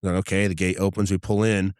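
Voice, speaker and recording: A man's voice: sits low, little pitch movement, fast, a little mellow, dry recording, studio quality. A middle-aged man, a podcast guest and former undercover agent, telling vivid, profane stories in casual talk and acting out what people said. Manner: vivid, profane anecdote-telling that acts out dialogue. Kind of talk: casual storytelling interview.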